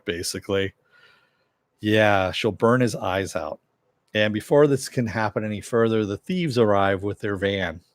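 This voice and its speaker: Male reviewer with a low voice, casual recap delivery, dry close sound. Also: unhurried, no room sound. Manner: conversational, with frequent filler. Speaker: TV show reviewer.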